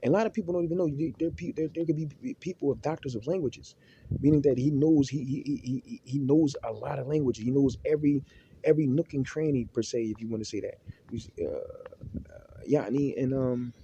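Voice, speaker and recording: A man talks quickly in a very dark, heavy voice. He gives unscripted religious advice, and his speech is halting, full of repeated words and fresh starts. Faint noise sits underneath his voice. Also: medium pitch, highs cut off. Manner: halting, with many restarts, repeated words and Arabic terms. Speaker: Muslim speaker giving religious advice.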